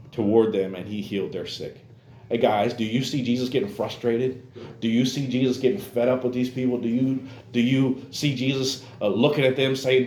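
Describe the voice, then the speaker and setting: Preacher, male, mid-pitched voice, earnest and animated, talking straight to a room of men, echoey hall with a faint hum behind him. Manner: earnest, pleading prayer with many "Lord" and "God" tags; animated preaching with direct "hey, guys" appeals. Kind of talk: sermon to a men's group. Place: church meeting room.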